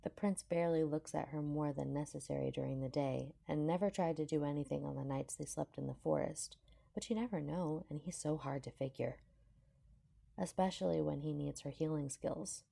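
Low, gravelly woman reading a story. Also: moderate pace, mellow. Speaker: fanfiction reader. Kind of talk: audiobook narration of a fanfiction.

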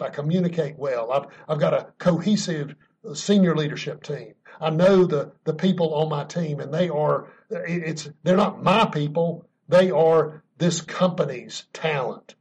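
A man's voice: fairly high pitch, unhurried, a little mellow, slightly rough, muffled recording. A man telling a story in an earnest, emphatic way, chuckling now and then, as a guest being interviewed about leadership. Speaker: podcast guest speaking on leadership.

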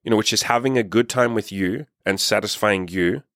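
A man's voice: fairly low pitch, a little fast, a bit bright, no echo, clean studio sound. A man talking as a dating coach, giving blunt, profane, emphatic advice straight to his viewers. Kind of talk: direct-to-camera advice monologue.

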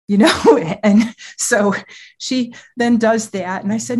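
A woman's voice: medium pitch, normal speed. A middle-aged woman, a therapist guest in an interview, telling parenting stories with frequent laughs. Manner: animated storyteller, laughs often. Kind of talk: podcast interview.

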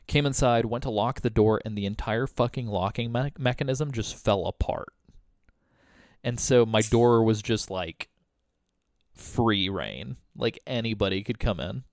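A man's voice: mid-range voice, dry recording. A young man telling a story on a podcast, loose and rambling, full of filler words and casual swearing. His voice sits in an ordinary middle range. The recording is close and dry. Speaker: podcast host.

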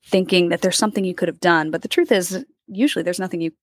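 Wanita pencerita yang ekspresif, suara kering. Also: female voice, lowish voice, fast talker, no room sound, studio quality. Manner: animated storyteller, acts out quoted voices, laughs often. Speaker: guest actor. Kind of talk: casual storytelling interview.

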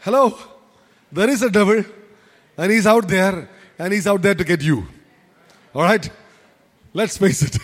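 A man's voice: high-pitched, unhurried, pauses often, long reverb tail. A man preaching a sermon as pastor, emphatic and repetitive, with many rhetorical questions. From India.

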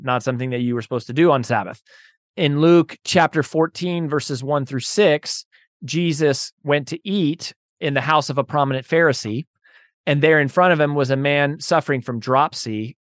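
A man's voice: medium pitch, dry recording, clean studio sound. A man hosting a casual Bible teaching talk, chatty and full of "you know" and "right?", turning emphatic as he preaches. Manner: conversational, many fillers like "right?" and "you know"; grows emphatic and louder when preaching about love. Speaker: Bible study host.

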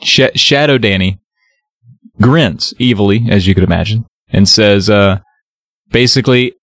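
A man's voice: mid-range voice, measured pace, a bit bright, no echo, clean studio sound. A man co-hosting a podcast, retelling a children's book plot in a laid-back way. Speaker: podcast co-host. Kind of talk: casual book-recap chat.

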